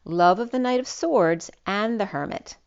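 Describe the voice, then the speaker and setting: A woman's voice: mid-range voice, expressive, normal speed, darkish tone, smooth, dull audio. A woman giving a spiritual tarot reading as the channel's host. She talks in a rambling way and often restarts her words. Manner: rambling, with frequent restarts and ums. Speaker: tarot reader.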